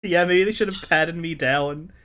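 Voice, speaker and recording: Higher-voiced man joking at a game table. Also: moderate pace, a crowd in the background. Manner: joking, laughs often, chatty. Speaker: player. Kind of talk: casual chat at a tabletop game.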